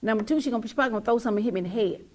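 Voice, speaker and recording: A middle-aged woman hosting a talk show, giving an emotional, emphatic monologue to her viewers that swings from loud to nearly whispered and repeats lines for weight. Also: on the high side, racing.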